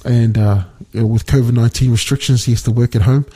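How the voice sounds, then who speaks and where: A man talking through a casual devotional reflection in a mellow, husky voice. He speaks haltingly, often restarting his sentences and filling the gaps with fillers. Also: mid-range voice, fairly even intonation. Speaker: Bible study speaker.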